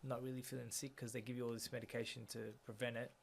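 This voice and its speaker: A man's voice: mid-range voice, little pitch movement, quick pace, gravelly, slightly rough. A man in his thirties, an interview guest, earnestly telling a personal story and retelling scenes through quoted dialogue, with many fillers. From Australia.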